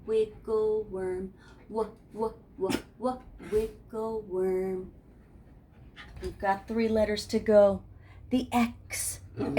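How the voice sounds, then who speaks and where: A woman's voice: medium pitch, dark tone, slight background noise. A woman teaching preschool phonics, telling little stories and making playful sounds and voices for each letter. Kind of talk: storytelling phonics lesson for young children. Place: classroom.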